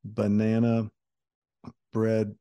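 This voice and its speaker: A man co-hosting a podcast in casual chat, listing things slowly with many fillers. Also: lowish voice, monotone, dark tone. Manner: unhurried, lists with fillers. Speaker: podcast co-host.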